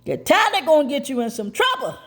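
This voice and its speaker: A woman's voice: sits high, sing-song, a little fast. A woman voicing a stern old-time mother scolding her child in a folksy, firm way. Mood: lecturing.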